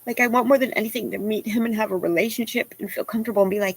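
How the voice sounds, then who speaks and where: A woman's voice: on the high side, fairly even intonation, very fast, slightly rough. A woman vlogger venting to camera, rambling and self-deprecating, at times crying. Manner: rambling, tearful, self-deprecating, with many "you know"s.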